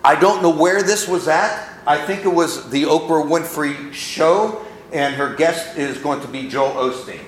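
A man's voice: fairly high pitch, a little slow, echoey room, slight background noise. A man preaching a sermon to a congregation, leaning into emphatic phrases. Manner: preaching with rising emphasis, mocking quotes. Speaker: pastor. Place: church.

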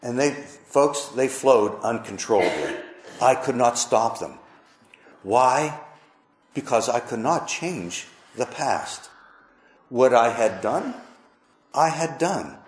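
A middle-aged man preaching a personal testimony, telling his story slowly and with deep emotion. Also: very animated. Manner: slow, emotional storytelling with pauses. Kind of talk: testimony sermon. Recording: roomy echo, faint background noise.

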